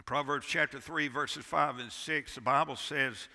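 A man in his sixties preaching with fervor from the pulpit. His voice is bright and forceful with a gravelly edge, and swings from loud to hushed. Long church reverb trails every word. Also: mid-range voice, steady tone, measured pace. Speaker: pastor. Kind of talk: sermon. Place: church sanctuary.

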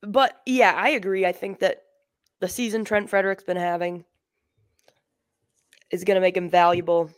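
Woman, podcast co-host, casual banter, rambling, lower voice, dry recording. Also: steady tone, normal speed, pauses often, smooth, dry recording. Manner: joking, rambling, frequent ums. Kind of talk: casual chat.

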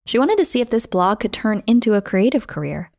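A woman narrates a scripted story as host, reading at a steady, measured pace. Her voice sits at an ordinary middle pitch, and she slows down on key phrases for emphasis. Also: vocal fry, no echo, studio quality.

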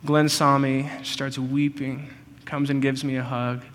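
A man preaching a sermon, earnest and personal, often slowing down to stress a point. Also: mid-range voice, level tone, fairly bright tone, in a large hall, slight background noise. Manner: earnest, personal, slows for emphasis. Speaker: pastor.

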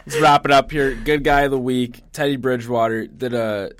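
A man co-hosting a casual sports chat, ranting with heavy sarcasm and frequent swearing. His voice sits at an ordinary pitch, recorded close and dry with no room sound. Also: steady tone, moderate pace, fairly bright tone, no echo. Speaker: podcast co-host.

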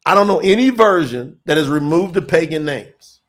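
A man's voice: a little high, lively intonation, moderate pace. A middle-aged man, preaching in an emphatic, repetitive, folksy way during a livestream sermon to online viewers.

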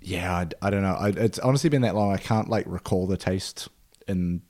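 A man's voice: low voice, a little fast, a little mellow. A man co-hosting a podcast, chatting casually and hesitantly with many fillers and restarts. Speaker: podcast co-host. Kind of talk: casual chat.

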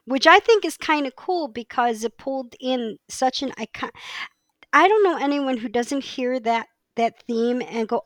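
Woman co-host, casual and eager, higher voice, dry booth sound. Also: a little slow, dry recording. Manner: chatty, enthusiastic, restarts often. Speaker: podcast co-host. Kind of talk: casual chat.

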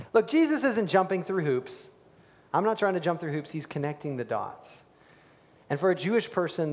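A male pastor preaching a sermon, animated, swinging between loud emphasis and hushed, near-whispered lines. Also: mid-range voice, big-room sound, slight background noise.

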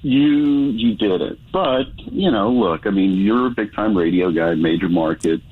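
Husky low-voiced man on a phone line. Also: a little slow. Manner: rambling, hesitant, full of restarts. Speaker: caller. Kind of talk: casual radio call-in chat.

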